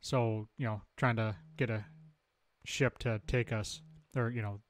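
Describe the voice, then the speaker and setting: A man's voice: on the low side, steady tone, measured pace. A man playing a tabletop game, talking through plans in a loose, chatty way. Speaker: player. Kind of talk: casual tabletop play.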